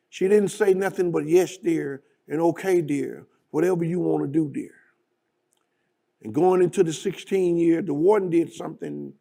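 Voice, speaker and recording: A male guest speaker telling a story in a dramatic, deliberate manner. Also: on the high side, gravelly, a little mellow. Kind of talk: storytelling speech.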